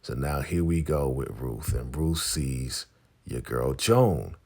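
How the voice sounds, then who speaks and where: A man with an extremely low, gravelly voice walks through a TV episode recap, animated and chatty, jumping into the scenes as he tells them. His tone carries a husky, rough grain. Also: slow. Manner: animated storytelling, acting out scenes. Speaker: TV recap vlogger.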